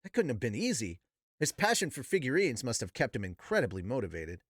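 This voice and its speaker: Man reading a novel aloud with profane asides, lively pitch, dry close mic. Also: brisk, no room sound. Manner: animated, profane, laughing asides. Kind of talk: book reading with casual commentary.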